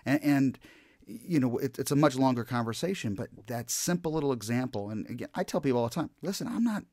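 A man's voice: medium pitch, quick pace, darkish tone, dry recording, studio quality. A man hosting a podcast interview, speaking in an encouraging, affirming way. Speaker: podcast host, hypnotist and corporate trainer. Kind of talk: casual interview chat.

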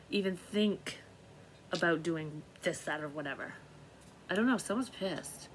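A woman's voice: deep voice, fairly even intonation, moderate pace, a little hiss or hum. A middle-aged woman giving a casual, rambling tarot reading, swearing freely and laughing at herself. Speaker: tarot reader.

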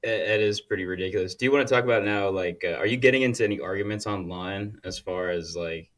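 A man with a fairly low voice, co-hosting a sports podcast. He asks his questions haltingly, stopping and restarting with fillers as he goes. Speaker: podcast co-host. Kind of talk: casual sports chat.

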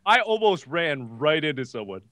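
A man's voice: a little high, sing-song, moderate pace, sharp tone. A man chatting and giggling while playing a hide-and-seek video game, yelping when he is found. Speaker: gamer hiding as a prop. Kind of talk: casual gaming banter.

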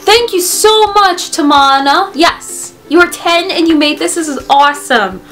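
A woman with a very high, bright voice chats in a casual vlog, gushing and excitable. She gasps and laughs often, and she talks at an unhurried pace. Faint music plays behind her. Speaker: vlogger opening fan mail.

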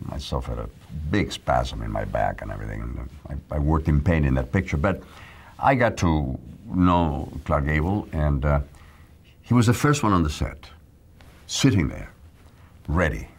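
An older man with a Mexican accent, an actor recalling his career in a reflective interview, speaking in a measured, admiring way. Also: a bass voice, big pitch swings, vocal fry, breathy edge. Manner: measured, admiring storytelling with pauses.

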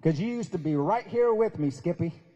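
A folksy old country preacher scolds in a high voice, put on by a man. His tone is dark and a little husky. The sound carries a long hall reverb. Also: lively intonation, moderate pace, dull audio. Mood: scolding.

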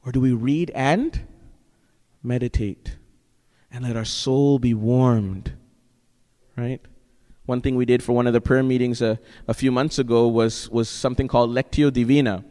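A man's voice: mid-range voice, fairly even intonation, moderate pace, dark tone. A man preaching a sermon as pastor, earnest and exhorting, often checking in with the congregation with "right?". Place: church sanctuary. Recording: long church-hall reverb.

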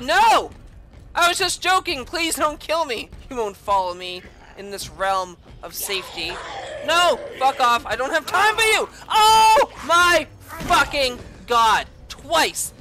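A young woman giving crude, jokey let's play commentary on a horror game, swearing often and yelping when startled. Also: medium pitch. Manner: yelps and shouts when startled. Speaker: gamer playing a horror game.

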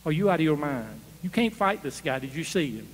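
A worried king fires off disbelieving questions in a lowered voice, as a male preacher acts him out. The sound carries the long reverb of a big church hall. His delivery swings between fast and slow. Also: very animated, breathy edge. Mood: incredulous. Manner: incredulous, pleading questions.

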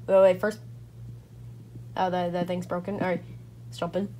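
A woman giving gameplay commentary to her viewers, swinging from low muttering to excited squealing shouts. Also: moderate pace, long pauses, a little hiss or hum. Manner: talks to viewers as guys. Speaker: gaming channel host.

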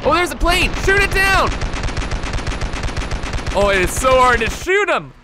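A man giving excited video game commentary, exclaiming often and talking to his viewers. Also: very high-pitched, unhurried, background noise. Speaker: gameplay commentator. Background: game gunfire and explosions.

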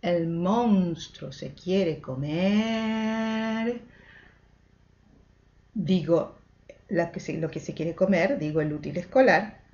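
Woman, English teacher for kids, slow sing-song delivery, mid pitch, muffled lo-fi recording. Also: darkish tone. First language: Spanish. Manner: sing-song, mixing Spanish and English, drawn-out repetitions. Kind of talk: children's English lesson. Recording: dull lo-fi recording.

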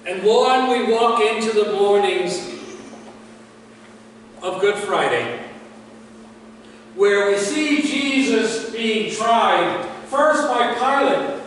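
Male pastor, dramatic storytelling sermon, slow delivery, distant mic in a reverberant church. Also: high-pitched, fairly bright tone, slight background noise. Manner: dramatic storytelling, voice falling away at phrase ends. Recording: echoey hall from far off.

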